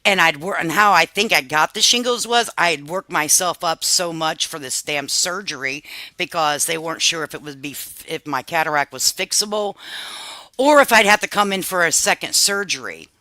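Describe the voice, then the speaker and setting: A woman in her fifties hosting a live stream, chatting casually with her viewers in an animated, confiding way and swearing freely. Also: low voice, normal speed, no echo. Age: 50s.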